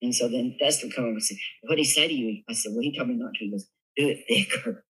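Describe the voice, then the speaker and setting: An older man with a Southern US accent, telling lively, animated stories as a guest on an interview show. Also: medium pitch, racing, husky, rough recording. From Southern United States. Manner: lively storyteller, animated, laughs often. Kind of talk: casual storytelling interview.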